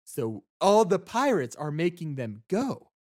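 A man's voice: on the high side, sing-song, a little slow, a little mellow. A man narrating and voicing characters as game master of a tabletop game, with a hesitant manner. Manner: hesitant, lots of ums and restarts.

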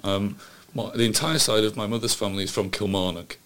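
A man's voice: lowish voice, steady tone, brisk, fairly bright tone. A man from England, co-hosting a casual, jokey political chat podcast. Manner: chatty, jokey, laughs often. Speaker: podcast co-host.

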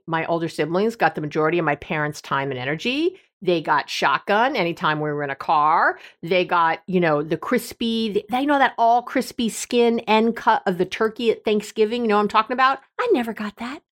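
A woman's voice: lowish voice, moderate pace, hardly any pauses. A middle-aged woman, a relationship expert hosting her show, telling a story in a casual, self-deprecating way with many asides. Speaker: podcast host, relationship expert. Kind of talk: casual confessional monologue.

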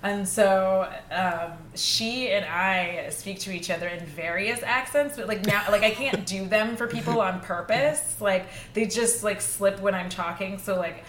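Lively American woman, echoey room. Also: medium pitch, a little slow, few pauses, a little hiss or hum. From United States. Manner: animated, laughs often, playful asides. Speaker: podcast guest, beauty YouTuber. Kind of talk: casual podcast chat.

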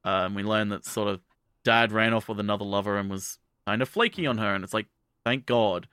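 A man's voice: lowish voice, a little fast, bright, forceful tone, smooth, dry recording, clean studio sound. A man casually recapping an anime episode as a podcast co-host, rambling with many restarts and fillers. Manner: quotes characters in offhand voices.

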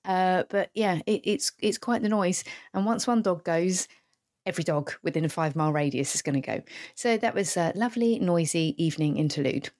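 A woman's voice: lowish voice, a little fast, a little mellow. A woman hosting a casual solo podcast, telling wry, sweary anecdotes and acting out the quotes. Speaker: podcast host.

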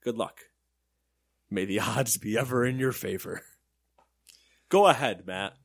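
A man's voice: fairly low pitch, a little slow, creaky, no room sound, studio quality. A young man co-hosting a casual gaming news podcast, joking and laughing often as he reads stories. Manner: jokey, animated, laughs often. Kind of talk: casual chat.

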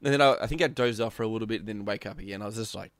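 Guy, relaxed rambling storyteller, dry close recording. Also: on the low side, very fast, no echo. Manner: laid-back, rambling, laughs often. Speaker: gamer recounting a roleplay session. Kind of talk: casual storytelling chat.

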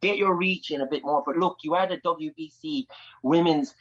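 A man's voice: on the high side, moderate pace, highs cut off, pitched below the performer's own voice, close to an everyday voice. A man with an Irish accent playing a cocky, boastful male fighter who rambles and swears.

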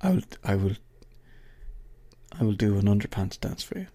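Very animated and warm, this man's voice sits on the low side and moves at a moderate pace. A middle-aged Irish host, he signs off his solo podcast casually, rambling and cursing through jokes directed partly at an imagined colleague.

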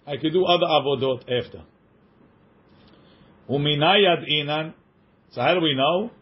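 A man teaching a text study class, reading passages quickly and translating them line by line, joking with his students. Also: on the high side. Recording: dull lo-fi recording.

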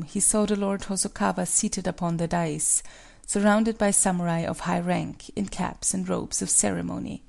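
A woman reading a folk tale as scripted narration, in a measured, solemn way. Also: medium pitch, creaky, a little mellow. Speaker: storyteller.

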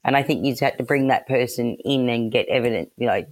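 Animated woman telling her story. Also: rumbling low, quick pace. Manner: animated, acts out quoted exchanges, laughs. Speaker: guest. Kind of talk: personal storytelling.

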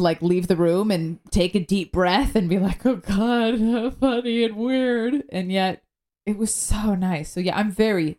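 A woman co-hosting a podcast in casual chat, animated and slipping into playful voices when she quotes herself. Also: fairly low pitch. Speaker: podcast co-host and professional vocalist.

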